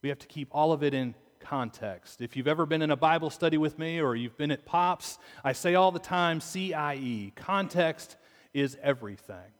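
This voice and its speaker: A male pastor delivers a sermon in a relaxed, conversational way and often turns to his listeners with rhetorical questions. His voice sits a little high for a man. The sound carries the long reverb of a church sanctuary. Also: normal speed.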